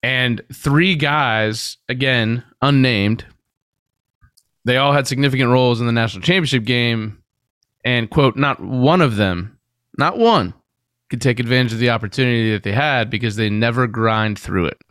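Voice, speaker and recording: A man co-hosts a sports podcast, introducing topics in an unhurried, teasing style during casual sports chat. His medium-pitched voice has fairly even intonation and a slightly bright, clear, resonant tone, captured as a dry, clean studio recording.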